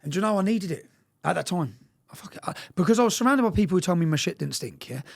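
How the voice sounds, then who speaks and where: A man telling a story fast and bluntly in a casual interview, swearing freely and often checking in with "yeah?". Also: high-pitched, expressive, gravelly.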